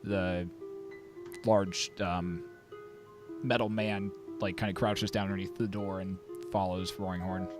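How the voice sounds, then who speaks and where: A man's voice: sits low, level tone, measured pace, music in the background. A man narrating as dungeon master for a tabletop game, full of hesitations and fillers.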